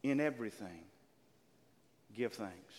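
An older man preaching a sermon as pastor, calling out to his congregation and drawing out key words slowly. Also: lowish voice, lively intonation, darkish tone, long reverb tail. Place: church sanctuary.

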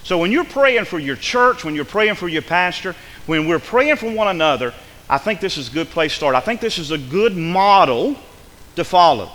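A high, bright-voiced man preaching with wide, animated swings of pitch and a forceful edge. He moves from quiet, hushed stretches to fervent, loud declarations. His voice carries a long echo through a large hall, with a faint hum of noise underneath. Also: normal speed. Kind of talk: sermon.

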